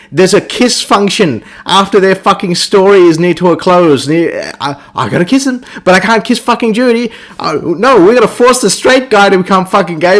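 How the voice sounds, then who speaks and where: A man on a podcast, ranting about a video game in a crude, profane, mocking way. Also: fairly bright tone. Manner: crude, swears constantly, mocks characters in squeaky voices. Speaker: podcast host reviewing a game. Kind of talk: casual profane rant.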